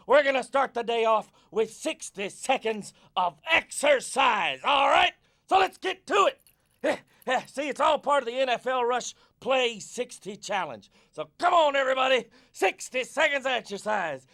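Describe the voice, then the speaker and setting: A man playing a loud, peppy football coach who leads kids through a short workout with shouty, hyped-up cheering. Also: very high voice, full character voice. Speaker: fitness coach. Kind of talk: scripted kids' fitness skit.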